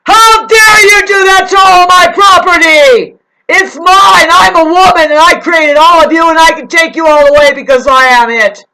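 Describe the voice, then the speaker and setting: A speaker acting out a wrathful female creator goddess who screams and scolds, pitched far above their own voice. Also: steady tone, moderate pace, crowd noise.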